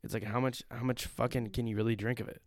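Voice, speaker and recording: Young guy podcasting, mid-pitched voice, rambles and trails off a lot, dry close sound. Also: little pitch movement, fast talker, dry recording. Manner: rambling, trailing off, filler-heavy. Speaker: podcast co-host. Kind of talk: crude casual chat.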